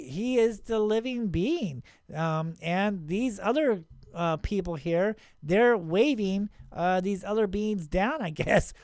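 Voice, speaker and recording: A middle-aged man hosting his own channel, talking excitedly and rambling, with many restarts and frequent "right?" checks. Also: high voice, no echo, clean studio sound. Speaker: channel host. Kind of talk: casual video commentary.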